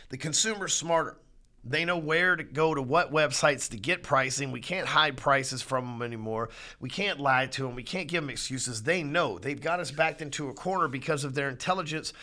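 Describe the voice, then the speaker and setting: A middle-aged man hosting a podcast, ranting bluntly about sales and swearing freely. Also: a little high. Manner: blunt, swearing, heated, climbs louder when riled. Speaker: podcast host. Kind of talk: profane motivational sales rant.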